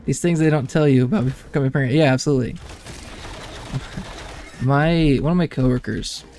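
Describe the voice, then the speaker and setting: A man's voice: mid-range voice, fairly quick, darkish tone, faint music behind. A young man and streamer telling rambling family anecdotes in casual chat, laughing often. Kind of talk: casual chat while gaming.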